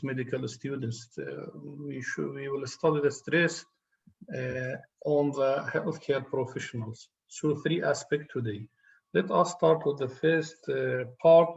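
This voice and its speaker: A man's voice: on the high side, gravelly. A man giving a recorded lecture to students, hesitant, with many fillers and restarts. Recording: dull lo-fi sound.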